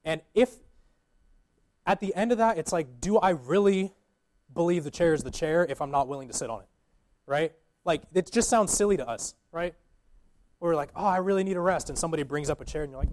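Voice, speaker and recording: A man's voice: a little high, a little fast, darkish tone. A young man giving an earnest, informal sermon as a guest preacher, with many fillers and restarts.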